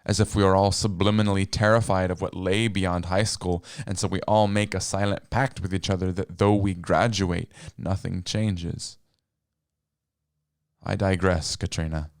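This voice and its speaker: A man giving scripted narration in a wry, deadpan, digressive manner. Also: low-pitched, moderate pace, hardly any pauses, clean tone, dry recording, clean studio sound.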